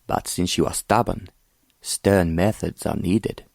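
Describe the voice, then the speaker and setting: A scheming prince, arrogant and cold, sneering at his captive in a very deep, low voice, as a man reads him. The delivery is mocking and condescending, recorded close and dry. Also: measured pace, creaky, darkish tone, dry recording.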